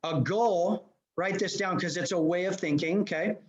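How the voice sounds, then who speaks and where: A man from Los Angeles giving an energetic motivational seminar talk as a leadership coach, speaking directly to his audience. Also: high-pitched, normal speed, dull audio. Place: remote presentation to a live room. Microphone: video call.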